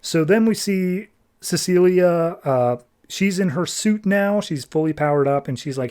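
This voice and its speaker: A man's voice: fairly high pitch, a little slow, a little mellow. A young man hosting a podcast, recapping a comic book in a loose, chatty way and acting out characters' lines. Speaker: podcast host.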